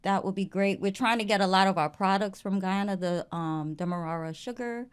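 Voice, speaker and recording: A woman in her forties, a beauty brand founder, chatting softly as a guest in a studio interview. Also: mid-range voice, a little fast, smooth. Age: 40s. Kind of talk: casual interview chat.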